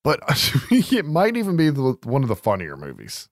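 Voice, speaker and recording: A man hosting a podcast, chatting casually about films, animated, swearing freely and laughing often. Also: mid-range voice, moderate pace, no echo, studio quality. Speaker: podcast host. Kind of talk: casual movie chat.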